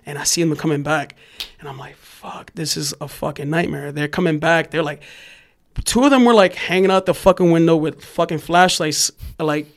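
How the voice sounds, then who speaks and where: A young New Yorker, a graffiti writer appearing as a podcast guest, tells a wild story in casual chat, talking a little fast. His voice sits slightly high, and his delivery is animated and profane. He breaks into shouted bits to act out the people involved, including yelling cops.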